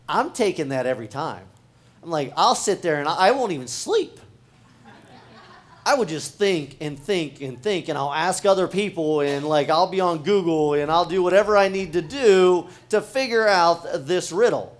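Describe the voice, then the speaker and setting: A man's voice: a little high, lively intonation, normal speed. A man, a pastor, preaching a sermon in a casual, conversational way, talking straight to the congregation and often restarting his phrases. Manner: talks directly to the congregation.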